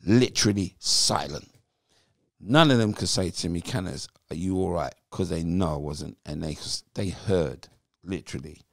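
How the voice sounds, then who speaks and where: Gravelly deep-voiced British man telling stories. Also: moderate pace, no echo, studio quality. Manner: animated storyteller acting out what people said. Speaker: guest, former footballer. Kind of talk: storytelling interview.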